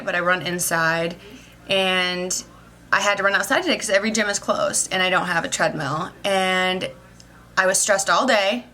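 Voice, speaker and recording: Her voice sits in the mid range, bright and forceful, as this young woman rambles emotionally through a casual vlog about her day. She's a vlogger and social worker who can't stop saying "like."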